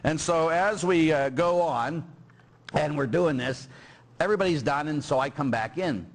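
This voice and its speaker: A man's voice: a little high, normal speed. A middle-aged man, a Catholic priest, telling stories in a homily, acting out the people in them and tagging lines with "huh?". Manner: animated storyteller, acts out quoted people and sound effects, keeps tagging "huh?". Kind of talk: storytelling homily.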